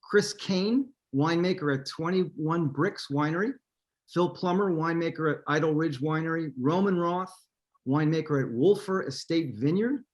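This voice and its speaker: A man hosts a casual wine tasting over a video call, a touch high in pitch. He talks in an upbeat, chatty way with plenty of ums along the way. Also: normal speed. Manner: upbeat, lots of fillers. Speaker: host of a virtual wine tasting. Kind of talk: casual hosting.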